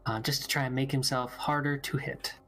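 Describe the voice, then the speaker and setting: A man running a tabletop game as dungeon master, narrating and calling rules in a relaxed, chatty way. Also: mid-range voice, brisk.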